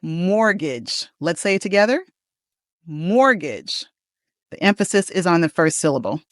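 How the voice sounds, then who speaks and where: Low-voiced woman teaching English pronunciation. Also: no room sound, studio quality. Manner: slow, deliberate modeling of words. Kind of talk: pronunciation lesson.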